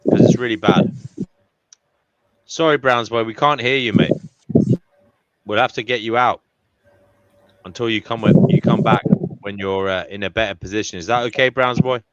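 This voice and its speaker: A man's voice: lowish voice, normal speed, long pauses, clean tone, lo-fi sound. A man hosting a live online group discussion, friendly and given to repeating names and phrases. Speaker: host.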